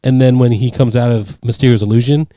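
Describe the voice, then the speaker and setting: A man's voice: mid-range voice, steady tone, a little fast, mellow. A man co-hosting a casual movie review chat in a rambling, laid-back way. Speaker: podcast co-host.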